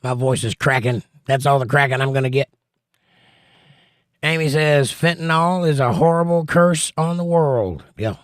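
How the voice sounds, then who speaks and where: A man's voice: mid-range voice, normal speed, no echo, clean studio sound. Wry man reading chat on a stream. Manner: wry, teasing chat banter. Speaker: livestream host reading chat. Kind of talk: casual live-stream chat.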